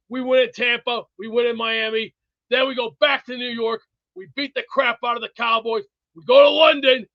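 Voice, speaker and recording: A man trash-talking in brash banter, blustering and insulting, with sudden bursts into shouting. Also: very high voice, vocal fry, dry recording, highs cut off. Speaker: show regular.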